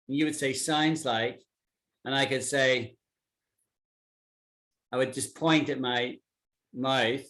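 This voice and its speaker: A British man with a medium-pitched, bright and forceful voice teaches an English lesson online. He patiently says words slowly and repeats them so learners can hear how they're pronounced.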